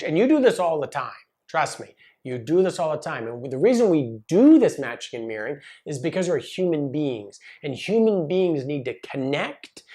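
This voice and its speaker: A man teaching massage therapists in a casual, animated way, talking straight to the viewer. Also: on the high side. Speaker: massage business coach. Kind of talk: direct-to-camera teaching video.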